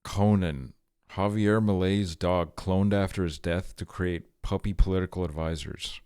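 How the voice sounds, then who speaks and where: A man with a very low voice reads short items aloud on a live stream. He breaks in with blunt, profane, offhand reactions. The sound is close and dry. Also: steady tone, a little slow, warm tone, clean tone, dry recording.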